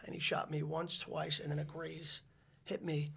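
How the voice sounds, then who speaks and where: A man's voice: on the high side, monotone, moderate pace, vocal fry, fairly bright tone, a little hiss or hum. A man, a podcast guest telling a long story in a rambling way, with many restarts and fillers. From the Bronx, New York City. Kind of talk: casual storytelling interview.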